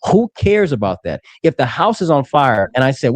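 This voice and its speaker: A man's voice: a little high, sing-song, brisk, few pauses, no echo. A man in his twenties arguing heatedly in a live-streamed debate, aggressive and profane, talking over the others. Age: 20s. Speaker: political commentator.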